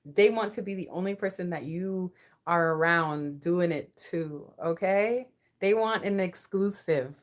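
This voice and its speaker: A young woman giving a casual collective tarot reading. She is slangy and playful, and her voice swings between low and high. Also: unhurried. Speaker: tarot card reader.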